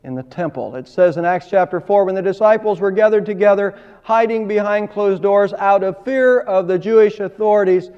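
A man preaching a sermon, his voice high and mellow, swelling emphatically and then dropping low. The sound is dull and lo-fi, with a long reverb trailing through the church hall. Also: normal speed, few pauses, smooth. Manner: emphatic preaching, rising and falling in volume. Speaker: pastor.

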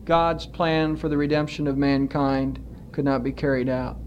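A man preaching a sermon as pastor, earnest and emphatic, stretching out his words with pauses. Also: mid-range voice, fairly even intonation, darkish tone, lo-fi sound, slight background noise.

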